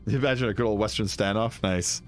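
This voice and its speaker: A man's voice: fairly low pitch, brisk, faint music behind. A man commentating his video game playthrough in a rambling, joking way, laughing often. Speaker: gaming streamer. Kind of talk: let's play commentary.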